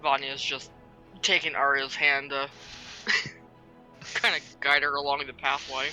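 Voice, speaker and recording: A man with a very bright, slightly higher voice describes his character's actions at a tabletop game. His delivery is gentle, reassuring and fairly flat in pitch. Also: takes it slowly, soft background music, low-quality recording. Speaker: player.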